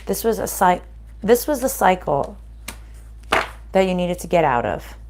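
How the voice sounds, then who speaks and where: A woman's voice: fairly low pitch, very animated, unhurried, noisy background. A woman giving a casual spiritual card reading to her viewers, chatty and reassuring, often checking in with "right?" and "okay?".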